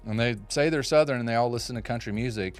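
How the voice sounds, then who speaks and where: A man's voice: mid-range voice, fast, clean tone, faint music behind. A man in his forties chatting casually and jokingly with viewers while carving on a phone live stream in his home workshop. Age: 40s. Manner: joking, rambling, chats with viewers' comments. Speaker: woodcarving livestreamer. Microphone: phone propped up.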